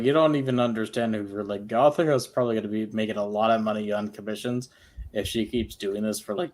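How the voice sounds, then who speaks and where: A man's voice: medium pitch, a little mellow. A man with a northern US accent in a casual group chat, blunt and swearing freely.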